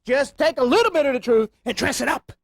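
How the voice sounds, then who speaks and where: Fast, animated male speaker. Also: extremely high pitch, gravelly, no echo. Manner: animated storytelling, rhetorical questions to audience. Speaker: security awareness speaker. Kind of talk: live lecture with humor. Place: meeting room before live audience.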